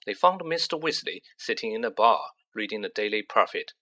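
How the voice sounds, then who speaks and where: A man narrating a storybook in an unhurried, expressive way. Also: fairly low pitch. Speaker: audiobook narrator.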